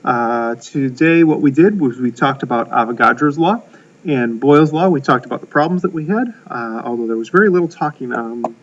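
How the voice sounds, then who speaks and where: A man's voice: medium pitch, far from the mic, muffled recording. A middle-aged man giving a chemistry lecture to his students, folksy and rambling, with lots of "uh"s and restarted words. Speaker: high school chemistry teacher. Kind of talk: recorded classroom lecture.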